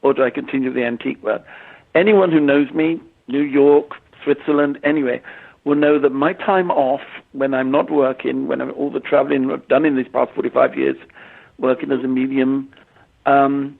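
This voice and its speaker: An English man in his sixties, a medium, answering interview questions in a halting way, often repeating words and using fillers. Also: medium pitch, fairly even intonation, vocal fry. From England. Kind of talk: conversational interview. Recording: tinny phone-line audio.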